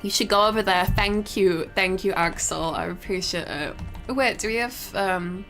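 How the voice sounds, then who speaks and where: A woman's voice: medium pitch, normal speed, a bit bright. A young woman streaming live, chatting casually and rambling, with frequent giggles and casual swearing. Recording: faint game music behind.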